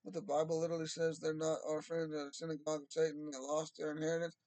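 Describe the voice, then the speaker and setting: A young man delivering a heated, rambling monologue, agitated and at times bursting into shouts. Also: a little high, monotone, fast, no room sound, low-quality recording.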